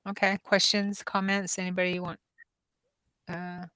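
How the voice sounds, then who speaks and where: A woman in her fifties hosts a casual livestream chat and tells long stories with ums and restarts. Her voice sits a little low. The sound is dry and close. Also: little pitch movement, unhurried, sharp tone, clean tone, no room sound, poor audio. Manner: chatty storyteller with many ums and restarts. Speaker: psychic-medium host.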